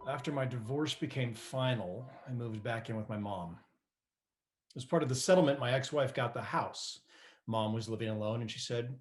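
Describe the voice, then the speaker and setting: A man's voice: medium pitch, moderate pace, soft background music, lightly acted. A middle-aged actor playing a divorced son who tells a wry, patient story about caring for his mother on stage. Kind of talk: stage monologue.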